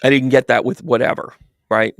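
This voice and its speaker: A man's voice: mid-range voice, brisk, gravelly, dry recording, clean studio sound. A man who works as a medium, chatting through a tarot reading and acting out the voices in his stories. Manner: animated storyteller, acts out quoted voices. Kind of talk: livestream tarot reading and chat.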